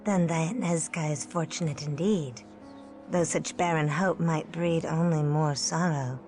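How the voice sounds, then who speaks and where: A woman voicing a sorrowful, courtly female vampire in a game, speaking formally, gently and consolingly in archaic speech. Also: low voice, steady tone, unhurried, music in the background. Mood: gentle sorrow. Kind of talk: game dialogue.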